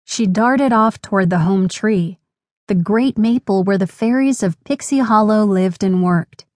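Woman narrator for a kids' audiobook: gentle, unhurried, close dry studio. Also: medium pitch, dry recording. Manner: clear, gentle, measured. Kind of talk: scripted children's audiobook narration.

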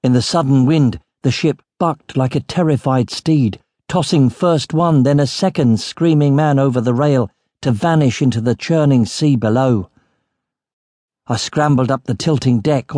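Brief: man, mid-pitched, steady audiobook narration, close dry mic. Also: moderate pace, no echo. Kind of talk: scripted narration.

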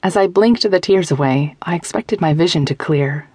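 A woman narrating a young-adult novel in first person, close to a studio microphone, with measured, tense, intimate storytelling. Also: lowish voice, darkish tone, slightly rough, dry recording. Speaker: audiobook narrator.

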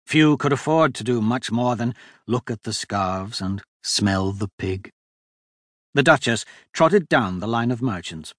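Expressive male audiobook narrator. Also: medium pitch, no echo, clean studio sound. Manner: expressive, measured storytelling. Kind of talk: scripted fantasy narration. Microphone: close studio mic.

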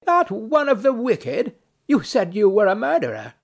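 A man's voice: high-pitched, wildly swooping pitch, moderate pace, creaky, pitched above the performer's own voice, full character voice. A man reading a play aloud, voicing a proud, indignant noblewoman who speaks primly and insists on her due. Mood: bitter, accusing. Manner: prim, affronted, insistent questioning. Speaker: audiobook narrator.

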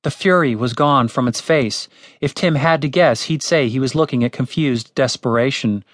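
A man reading a comic fantasy audiobook in a lively storytelling manner. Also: mid-range voice, moderate pace, dry recording. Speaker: audiobook narrator. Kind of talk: scripted comic fantasy narration. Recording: dry studio recording.

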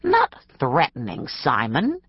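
Audiobook: narrator plays a smooth, persuasive doctor, low and coaxing, dull dry sound. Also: female voice, wildly swooping pitch, slow, no echo, full character voice.

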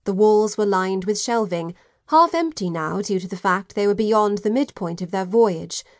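This is scripted audiobook narration by a woman whose medium-pitched voice keeps a steady, measured storytelling manner. It's studio quality, with no echo.

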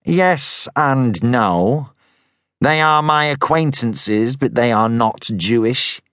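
An actor voicing a wry, stocky northern man with a thin, nasal northern English accent who speaks slowly and teasingly. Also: medium pitch, lively intonation, fairly bright tone, no room sound, clean studio sound.

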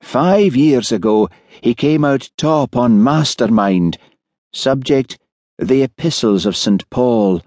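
A man voicing an easygoing, shrewd Highland village policeman who talks calmly and wryly. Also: takes it slowly, no echo, clean studio sound.

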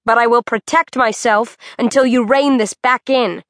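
Young woman archer, cool and firm, even delivery, dry close sound, read by a woman narrator. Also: fairly high pitch, moderate pace, dry recording, lightly acted.

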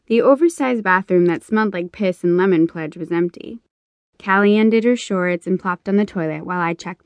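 A woman narrating a romance audiobook in the first person, with measured storytelling. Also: lowish voice, no echo.

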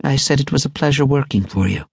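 A man's voice: medium pitch, fast talker, creaky, darkish tone, slightly rough, no room sound, studio quality, voice pushed up. A man reading an audiobook voices a sarcastic, sultry aging actress who answers sweetly with a barbed edge. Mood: coy.

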